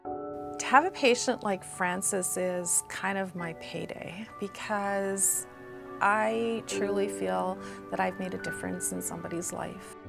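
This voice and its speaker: A woman's voice: mid-range voice, slow, vocal fry, over music. A woman nurse speaking heartfelt in an interview about her patient. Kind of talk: interview testimony.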